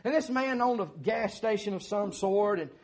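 A man's voice: high-pitched, moderate pace, darkish tone. A man preacher who tells a folksy, plain-spoken story in a sermon, with many filler words.

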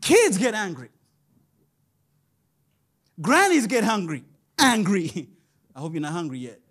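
Very high-voiced male pastor preaching. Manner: lively, sing-song preaching with frequent chuckles and call-outs to the congregation. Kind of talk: sermon.

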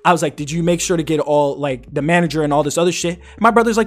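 This podcast host is a man with a fairly high voice who speaks fast, telling a long story in casual, profane chat and acting out the quotes. Faint music plays behind him.

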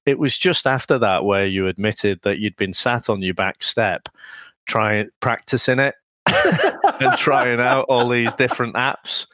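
A man's voice: medium pitch, very animated, measured pace, a bit bright, no room sound. A man from England co-hosting a comics podcast, chatting casually in a dry, teasing way. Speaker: podcast co-host. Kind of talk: casual chat.

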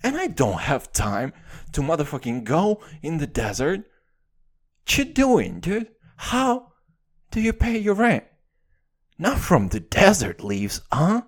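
A man's voice: fairly high pitch, slow. Male podcaster, sweary comic rant, voice swings up and down a lot. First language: Russian. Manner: profane, animated ranting with constant "dude". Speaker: podcast host.

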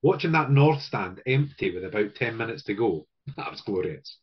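A man hosting a casual football podcast, chatting in a relaxed way and laughing easily. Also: lowish voice, normal speed, slightly rough, muffled recording. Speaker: podcast host. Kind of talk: casual chat.

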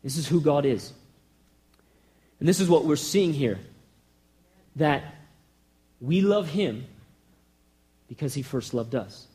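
A man preaching a sermon with passion and rhetorical questions, swinging between loud bursts and hushed lines. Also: a little high, lively intonation, slow, pauses often.

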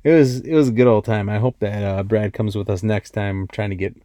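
Podcast host, male, warm low-key tone, dry close sound, swearing storyteller. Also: fairly even intonation, brisk, no echo. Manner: profane, rambling, lots of "like" fillers. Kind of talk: casual storytelling.

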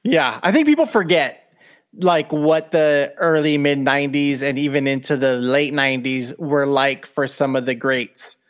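A man hosting a podcast in relaxed conversation, asking questions. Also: mid-range voice, normal speed. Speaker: podcast host. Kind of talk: casual chat.

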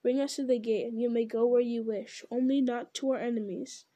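A woman voicing a gentle, grave young male hobbit speaking kindly but firmly. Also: a little high, steady tone, brisk, natural voice.

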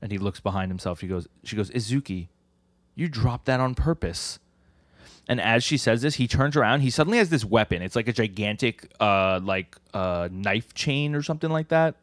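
Low-voiced man recapping comics casually. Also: animated, a little fast, few pauses, dry recording, clean studio sound. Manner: rambling, acts out character lines while retelling. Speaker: podcast co-host. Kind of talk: casual chat recapping manga chapters.

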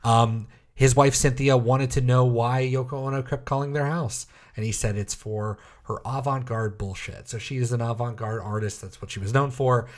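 A man's voice: mid-range voice, fairly even intonation, moderate pace, few pauses. A man co-hosting a podcast, telling a story in casual chat with wry, offhand asides and plenty of fillers. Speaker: podcast co-host.

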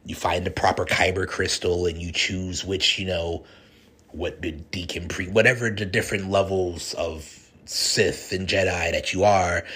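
A man hosting a podcast, rambling through a casual, animated retelling of a film. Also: sits low, husky. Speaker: podcast host. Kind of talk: casual chat.

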